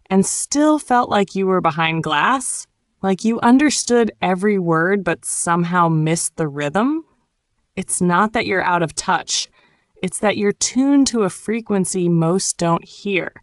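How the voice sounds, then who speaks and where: A woman reading a scripted narration for English learners, measured and reflective, delivered in short phrases. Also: mid-range voice, no echo, studio quality. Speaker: podcast narrator.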